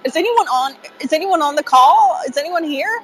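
A woman from Kentucky with a Kentucky accent, co-hosting a casual chat over a call, giggly and quick to exclaim. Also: sits high, expressive, fairly bright tone, poor audio. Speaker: podcast co-host. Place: indoors. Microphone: call audio.

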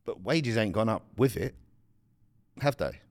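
A man's voice: on the low side, animated, measured pace, darkish tone, no echo. A young man co-hosting a podcast in casual chat, blunt and slangy, explaining things at length. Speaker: podcast co-host.

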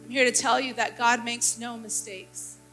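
A woman's voice: fairly high pitch, steady tone, normal speed, sharp tone, soft background music. A young adult woman pastor preaching a sermon, passionate and rising to fervent exclaiming.

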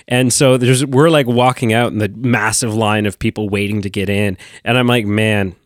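A man co-hosting a podcast chats casually, enthusiastic and rambling with many restarts. His voice is fairly low with fairly even intonation at a normal speed, recorded dry in studio quality.

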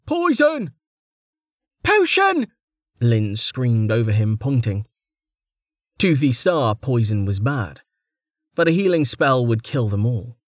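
A man's voice: medium pitch, no room sound. A man narrating a fantasy audiobook with dramatic storytelling, close to the mic. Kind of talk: scripted narration.

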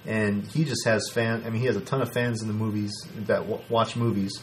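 A man co-hosting a casual podcast, talking in an animated way with lots of restarts and laughter. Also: lowish voice, brisk, slight background noise. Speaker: podcast co-host. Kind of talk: casual wrestling podcast chat.

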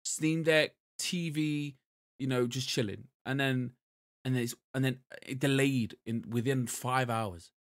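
A man's voice: medium pitch, fairly even intonation, a little slow, no room sound, studio quality. A man co-hosting a podcast, rambling and swearing in casual chat. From Britain. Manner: rambling, self-interrupting, swears freely. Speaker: podcast co-host.

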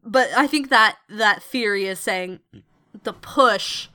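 A woman's voice: mid-range voice, pushed and bright, clean tone, dry recording, clean studio sound. A woman co-hosting a podcast, mostly reacting and chiming in during casual chat. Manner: reactive listener, quick agreeing interjections. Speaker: podcast co-host.

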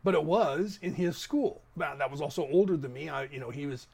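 Rambling fifty-something man, slightly high voice. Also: fairly quick, vocal fry, darkish tone, breathy edge. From San Francisco Bay Area. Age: 50s. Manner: rambling, talks straight to listeners with asides. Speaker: podcast host. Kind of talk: casual opinion monologue.

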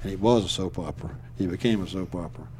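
A man's voice: low voice, fast talker, mellow, a little hiss or hum. An older man from Alabama with a Southern accent, telling a story in a folksy, rambling way and chuckling as he goes. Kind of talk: casual storytelling.

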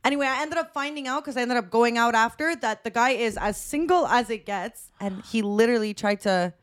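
A woman's voice: a little high, a little fast. A young woman co-hosting a podcast, telling a story in casual chat and acting out the quoted voices, often laughing. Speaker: podcast co-host.

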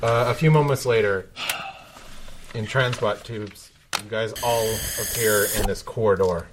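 A man narrating as game master of a tabletop game, relaxed, with frequent fillers. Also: lowish voice, measured pace, background noise.

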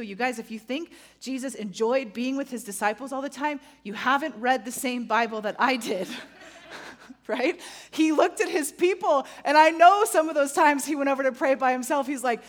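A woman in her thirties preaching a sermon in a conversational, animated way, often checking in with the audience. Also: sits high. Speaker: pastor.

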